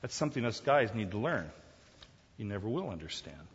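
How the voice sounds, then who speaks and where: A man with a husky voice delivers a sermon, pressing his points with emphatic rhetorical questions. His voice rings through a large hall with a long reverb. The recording is dull and lo-fi. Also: fairly low pitch, very animated, a little fast. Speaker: pastor.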